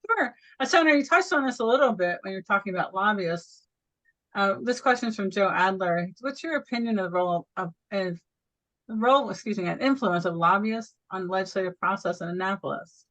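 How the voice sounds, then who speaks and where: A woman's voice: mid-range voice, expressive, fairly quick, a bit bright, low-quality recording. A woman co-moderating an event, reading audience questions aloud in a polite, plain delivery.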